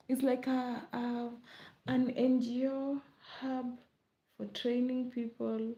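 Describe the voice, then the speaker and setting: A young Kenyan woman with a Kenyan accent chatting casually late at night, rambling and laughing, often dropping to a soft murmur. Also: fairly high pitch, flat delivery, slow pace, dull audio. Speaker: vlogger.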